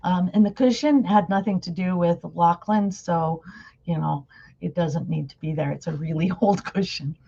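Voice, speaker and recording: A woman's voice: lowish voice, normal speed, gravelly, warm tone, breathy edge, highs cut off. A woman giving a casual webinar talk over a video call, chatty and often asking her listeners questions. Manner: chatty, asks the audience questions. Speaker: conference presenter.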